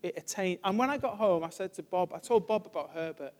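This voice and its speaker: A man, a church evangelist giving an informal sermon, telling stories in a chatty way and trailing off softly. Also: high voice, quick pace, a little hiss or hum. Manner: chatty storytelling, laughs often, trails off softly.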